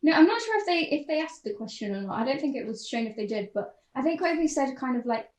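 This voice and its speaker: A woman co-hosting a casual podcast chat, talking with animated enthusiasm and laughing often. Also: high-pitched, quick pace, roomy sound, rough recording. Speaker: podcast co-host.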